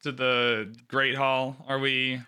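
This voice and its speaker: A young man co-hosting a casual book podcast, talking in an animated, sarcastic way and mimicking characters in jokey voices. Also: mid-range voice, slow pace, clean tone. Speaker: podcast co-host.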